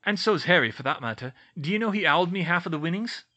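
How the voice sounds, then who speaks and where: A man's voice: sits high, animated, quick pace, pushed and bright, muffled recording, pitched above the performer's own voice, heavily acted. A man voicing a weary, injured but friendly young man in an audiobook reading.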